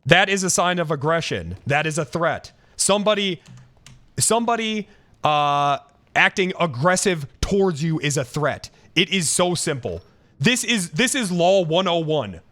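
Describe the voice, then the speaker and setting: A man streaming live, venting at his chat in a heated, profane rant. He restarts his sentences and repeats himself. His voice sits a bit high and leaps up and down. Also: sing-song, measured pace, fairly bright tone.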